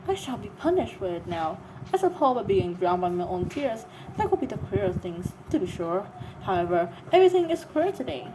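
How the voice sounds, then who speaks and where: A woman's voice: mid-range voice, sing-song, brisk, noisy background, pitched below the performer's own voice, natural voice. A woman voicing a polite, curious young girl who chatters eagerly in a storybook reading. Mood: rueful.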